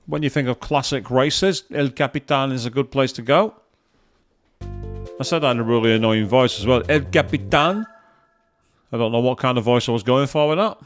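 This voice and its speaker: A man chatting excitedly as he commentates his own racing game play, thinking aloud to viewers. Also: mid-range voice. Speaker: gaming streamer. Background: game music and engine sounds.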